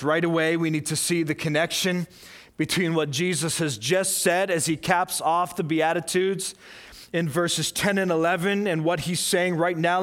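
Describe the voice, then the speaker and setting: A man's voice: sits high, a bit bright. A male pastor preaching a sermon, earnest and emphatic, building his points through repeated questions.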